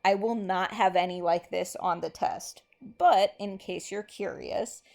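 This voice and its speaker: A young woman teacher talks through a lesson at an unhurried, drawn-out pace. Her low voice has a gravelly, creaky edge, and its tone is dark and mellow. She thinks aloud with plenty of ums. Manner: relaxed, thinking aloud with frequent ums, slows right down to read verse. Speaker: English teacher. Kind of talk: recorded classroom lesson.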